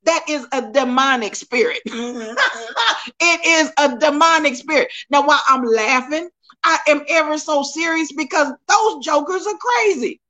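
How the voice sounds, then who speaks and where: A middle-aged woman livestreaming from her phone indoors, talking in a preachy, animated way and calling out to her viewers. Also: high-pitched, moderate pace. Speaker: livestream host. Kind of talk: casual live-stream commentary. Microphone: phone propped up.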